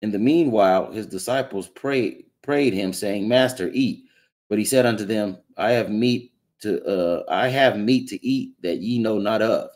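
Man reading old bible verses out loud, lowish voice, steady. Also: measured pace. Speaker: scripture reader. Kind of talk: reading scripture aloud.

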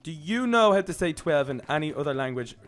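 A man's voice: fairly high pitch, lively intonation, brisk, fairly bright tone, soft background music. A man co-hosting a gameplay video, chatting playfully and calling out warnings. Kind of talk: casual gameplay chat.

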